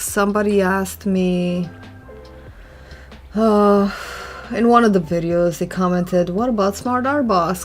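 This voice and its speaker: A woman hosting an art channel, chatting casually and rambling while she draws and reads viewer comments. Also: mid-range voice. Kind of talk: casual chat while drawing.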